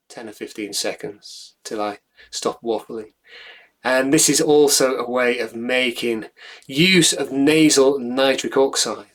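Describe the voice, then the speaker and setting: A man leading a breathwork class, calmly talking listeners through each step with frequent fillers and self-corrections. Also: mid-range voice, unhurried. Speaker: breathwork instructor.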